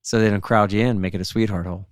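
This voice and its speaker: A man's voice: fairly low pitch, steady tone, very fast, clean tone, no echo, clean studio sound. A man hosting a podcast, chatting casually with old fishing friends and telling stories with frequent laughter. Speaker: podcast host.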